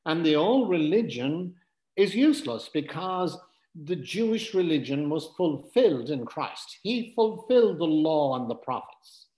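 A man's voice: a little high, sing-song, a little slow, a little mellow. Man teaching the Bible in an echoey room. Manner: conversational, with fillers and self-corrections. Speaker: preacher.

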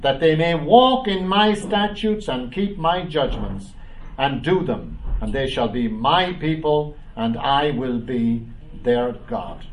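A man preaching a Bible study, reading scripture aloud and commenting, with frequent "uh" and "um" pauses. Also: medium pitch, lively intonation, distant mic, slight background noise, rough recording. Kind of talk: bible teaching.

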